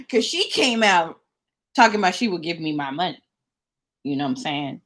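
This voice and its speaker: A young adult woman telling a story as a rant to her vlog audience, animated and sassy, repeating words for emphasis. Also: fairly low pitch, moderate pace, long pauses. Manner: sassy, mocking asides. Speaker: vlogger.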